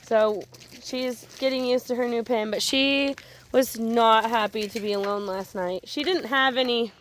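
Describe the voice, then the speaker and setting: A woman's voice: fairly high pitch, a little slow, slight background noise. A young woman chatting casually as she films her farm animals, rambling and affectionate. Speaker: farm owner. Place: outdoors on a farm.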